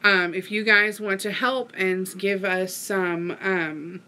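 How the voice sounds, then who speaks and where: A woman's voice: medium pitch, steady tone, slow, pushed and bright. A middle-aged woman, chatting casually to her viewers and rambling through a story with lots of fillers. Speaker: vlogger.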